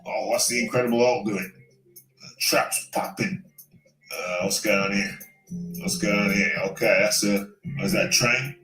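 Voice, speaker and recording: A man's voice: fairly low pitch, fairly even intonation, moderate pace, fairly bright tone. A British man hosting a solo boxing talk stream, rambling, repeating himself and talking to himself. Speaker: boxing talk show host. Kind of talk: solo live-stream chat. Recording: roomy echo, faint music.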